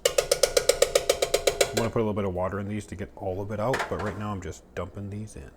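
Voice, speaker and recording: Male home cook, low-ish voice, loose and jokey delivery; pots and utensils clatter behind. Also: level tone, a little fast, heavy background noise. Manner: jokey, chatty, talks to himself while cooking. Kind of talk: casual cooking demo. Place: home kitchen.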